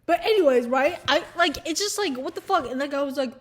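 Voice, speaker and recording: A young woman talking casually to camera in an animated, profane rant, sometimes mocking people in put-on voices. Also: high voice, fast. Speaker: vlogger. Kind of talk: casual ranting chat to camera.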